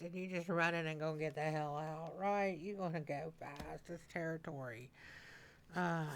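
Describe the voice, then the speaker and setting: A woman's voice: lowish voice, slight background noise. A woman in her sixties giving a casual, emotional tarot reading, repeating key phrases and often stepping away from the mic. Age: 60s. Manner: animated, repetitive, emotional. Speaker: tarot reader. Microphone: mic that she moves away from at times.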